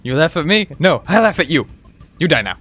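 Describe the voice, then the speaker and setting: A man's voice: on the high side, very animated, fairly quick, fairly bright tone. A man voicing a taunting male fish-like lizard creature from a video game that mocks in broken, childlike English.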